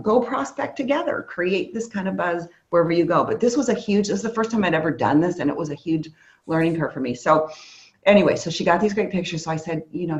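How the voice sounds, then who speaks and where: A woman's voice: mid-range voice, darkish tone, highs cut off. A woman speaking at a sales training event, telling a story and acting out quoted dialogue with energy. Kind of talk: motivational sales training talk.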